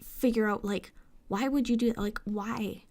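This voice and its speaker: A woman's voice: fairly high pitch, fairly even intonation, moderate pace, darkish tone. A young woman telling an upsetting story as a vlogger. She vents, swears a lot and often drops into a whisper. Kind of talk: emotional storytime rant.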